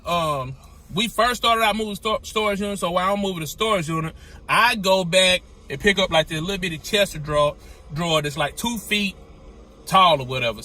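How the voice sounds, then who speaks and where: Bright, animated trucker telling a story. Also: male voice, sits high. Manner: animated, repetitive, exclamatory. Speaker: owner-operator truck driver. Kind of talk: casual storytelling vlog.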